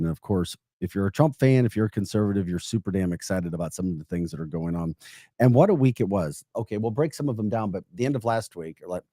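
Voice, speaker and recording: Podcast co-host guy, low mellow voice, upbeat and laughing a lot. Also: no room sound, clean studio sound. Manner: upbeat, animated, laughs often. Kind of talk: casual political talk.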